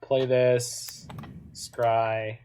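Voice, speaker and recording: A man's voice: medium pitch, little pitch movement, extremely slow, warm tone, slight background noise. A man from Canada, giving casual, joking commentary while he plays an online card game, with muttered asides in between.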